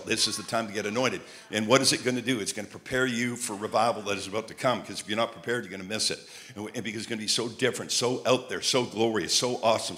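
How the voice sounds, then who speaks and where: A man preaching a sermon, telling lively stories and repeating phrases like a chant. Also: lowish voice. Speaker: traveling preacher. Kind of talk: sermon with storytelling.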